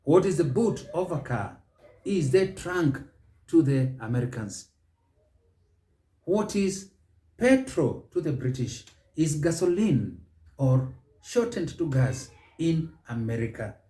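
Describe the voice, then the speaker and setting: Kenyan-accented male host, measured lesson delivery, very slow pace, echoey room. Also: fairly high pitch, animated, warm tone. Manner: slow, deliberate, stretches key words. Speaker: show host and English pronunciation teacher.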